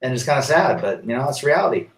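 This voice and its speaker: A man's voice: medium pitch, animated, quick pace, far from the mic. A man hosting a casual live stream, reading viewer comments aloud and answering them emphatically, often with rhetorical questions. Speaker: livestream host reading chat. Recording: roomy echo, set back from the mic.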